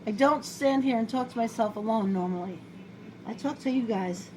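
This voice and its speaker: In her own kitchen, a middle-aged woman with a New York accent talks to the camera as she cooks, her voice fairly high and her pace moderate. She's chatty, wanders off topic, and teases herself, and the home recording carries noticeable background noise.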